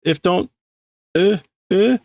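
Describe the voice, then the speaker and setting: A man's voice: high-pitched, slow, vocal fry, a little mellow, no echo, pitched above the performer's own voice, full character voice. A man voicing a small, childish girl who whines and sobs, read aloud from a comic. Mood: whiny pleading. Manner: wailing, sobbing, whiny.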